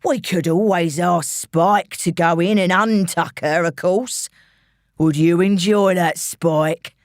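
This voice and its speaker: Lady putting on a creepy london thug guy, slow mocking drawl, threatening, dry sound. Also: on the low side, steady tone, no room sound. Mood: menacing. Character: menacing male London gangster, taunting and cruel.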